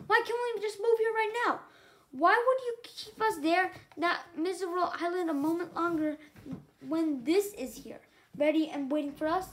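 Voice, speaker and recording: A woman's voice: very high voice, expressive, brisk, echoey room, pitched above the performer's own voice. A woman doing a defiant young female dragon. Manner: spitting, defiant.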